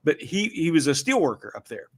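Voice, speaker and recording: Folksy Southern Ohio man, slightly high. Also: sing-song, brisk, husky. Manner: folksy rambling storyteller. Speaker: show host. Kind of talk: casual livestream talk.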